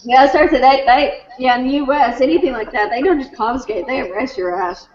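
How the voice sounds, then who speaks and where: A woman's voice: high voice, fairly quick, a little mellow, echoey room, muffled recording, a little hiss or hum. A woman in casual group chat, talking about travel plans and affirming others.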